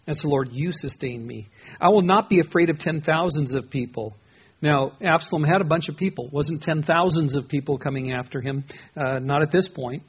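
A pastor talks through scripture in an earnest, conversational way, often circling back to restart a thought. His voice is a man's, pitched a bit high and somewhat husky. The recording has a slightly dull, lo-fi sound. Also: brisk. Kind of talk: expository sermon on a psalm.

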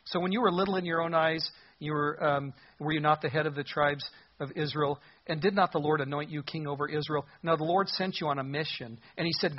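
A man preaching a Bible sermon in a loose, conversational way, voicing the quoted lines as he goes. His voice sits a little high and sounds husky. The recording is dull and muffled. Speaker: pastor. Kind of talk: expository sermon.

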